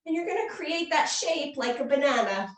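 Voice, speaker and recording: A woman's voice: high voice, big pitch swings, normal speed. A woman leading a guided children's yoga class, speaking in a playful, coaxing way and making animal sounds. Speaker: kids yoga instructor. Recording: echoey room, mic far off.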